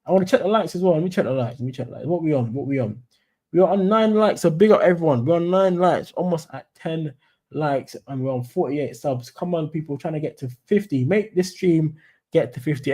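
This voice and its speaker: Young London bloke, casual streamer, rambling chat, mellow warm tone. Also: male voice, mid-range voice, husky. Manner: chatty, rambling, says "mate" and "you know what I'm saying". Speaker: football fan streamer. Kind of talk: casual live-stream commentary.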